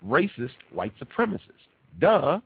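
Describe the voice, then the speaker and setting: A tired man hosting a radio show, talking in an animated, emphatic way and repeating points for effect. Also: on the high side, moderate pace, gravelly, slightly rough. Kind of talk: animated talk at a conference. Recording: tinny phone-like dry recording.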